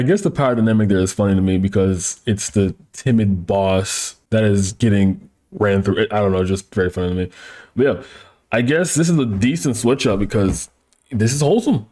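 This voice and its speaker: A man's voice: on the low side, fairly quick, dark tone. A man hosting a casual anime review, talking in crude slang with frequent laughing asides.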